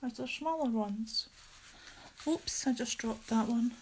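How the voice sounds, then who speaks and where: A woman's voice: on the high side, slow pace, slight background noise. A woman hosting a casual crafting livestream from her craft room, chatty and gushing, often giggling.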